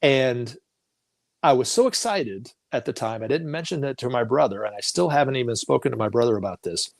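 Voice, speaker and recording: A man's voice: mid-range voice, lively intonation, fairly quick, creaky, dry recording. A man talking as a guest on a talk show, telling stories casually and acting out the voices of the people in them, laughing often.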